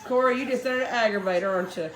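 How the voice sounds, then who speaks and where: A woman films her litter of puppies at home, baby-talking and cooing at them with frequent laughter as she narrates casually. She's a breeder speaking quickly in a fairly high voice, inside with the dogs, in an echoey room with slight hiss or hum.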